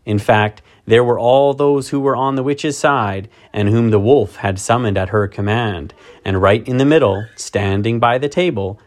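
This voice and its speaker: Male audiobook narrator, mid-pitched, expressive, dramatic storytelling. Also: moderate pace, hardly any pauses. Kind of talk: audiobook narration of a children's fantasy.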